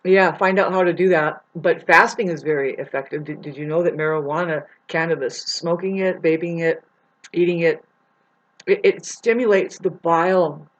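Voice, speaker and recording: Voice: medium pitch, fairly even intonation, normal speed. Rambling, profane lo-fi vlogger. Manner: swings between loud outbursts and muttering. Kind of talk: rambling spiritual monologue to viewers. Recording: muffled lo-fi recording.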